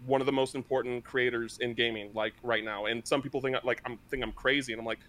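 A man co-hosting a gaming podcast, rambling like an excitable fan, often restarting his sentences. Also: mid-range voice, fast. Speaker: podcast co-host. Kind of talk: casual chat.

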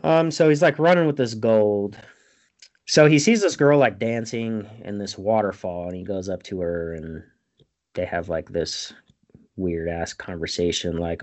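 A man's voice: on the low side, unhurried, darkish tone. A man hosting a podcast, recapping a film in casual, profane chat and acting out the characters' lines. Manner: swears freely, acts out characters' lines.

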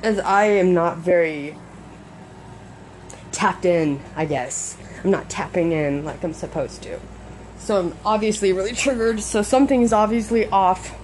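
A woman's voice: on the low side, a little slow, darkish tone. A woman venting in a casual vlog at home, swearing often and talking to herself, recorded on a muffled-sounding phone. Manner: swears a lot, talks to herself, swings between frustrated and laughing. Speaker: vlogger. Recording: muffled phone audio, faint background noise.

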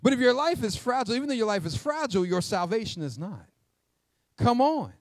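A man, a pastor preaching a sermon to his church with lively call-and-response questions. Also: no room sound. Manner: jokes aside in a quiet, quick low voice. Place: church sanctuary with congregation.

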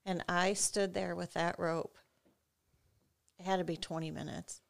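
A woman's voice: fairly low pitch, level tone, measured pace, creaky. A woman in casual chat, frankly telling a story about herself.

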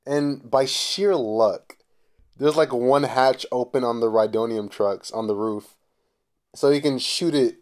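A man's voice: medium pitch, a little slow, darkish tone. A man hosting a casual podcast chat, incredulous and teasing, often laughing. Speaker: podcast host.

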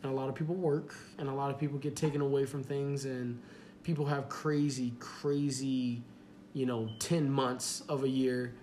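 A man's voice: medium pitch, steady tone, moderate pace, warm tone, slight background noise. A young man hosting a podcast in casual chat, rambling with many fillers and laughing easily. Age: young adult. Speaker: podcast host.

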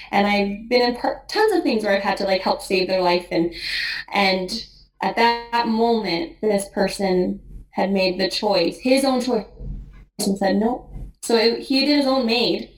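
A woman in her thirties, a nurse, recounts a personal experience in a reflective, emotional way. She talks haltingly, restarting her sentences and voicing her own past thoughts. She sounds a little far from the mic in a roomy, echoey space. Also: medium pitch. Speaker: nurse guest. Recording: roomy, slightly distant mic.

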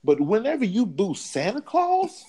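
A man's voice: mid-range voice, sing-song, moderate pace. A man co-hosting a sports podcast, arguing a point with emphatic, repeated words. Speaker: podcast co-host. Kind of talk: sports debate.

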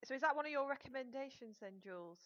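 A woman hosting a casual podcast chat, quick to laugh and respond. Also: high voice, expressive, a bit bright, no echo, muffled recording. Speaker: podcast host.

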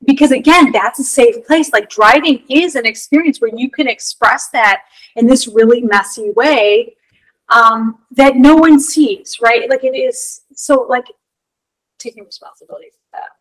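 A woman co-hosting a casual spiritual talk show, animated and playful, saying "like" often. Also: fairly high pitch, unhurried, poor audio. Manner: animated, playful, says "like" a lot. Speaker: podcast co-host.

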